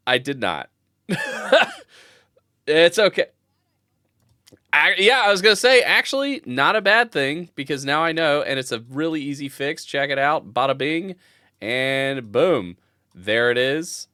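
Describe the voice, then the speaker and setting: A man's voice: medium pitch, lively intonation, a little slow, sharp tone, clear, resonant tone, no echo, clean studio sound. A man hosting as game master, flustered and self-deprecating, muttering to himself while fixing his stream setup. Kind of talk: casual stream setup chat.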